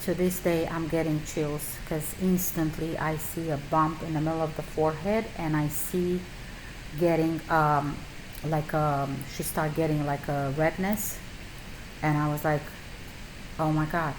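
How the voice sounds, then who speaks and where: Animated middle-aged immigrant woman, emphatic. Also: low-pitched, measured pace, background noise. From a communist country. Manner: animated, emphatic, slightly non-native grammar. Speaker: esthetician and skincare business owner. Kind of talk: casual storytelling advice.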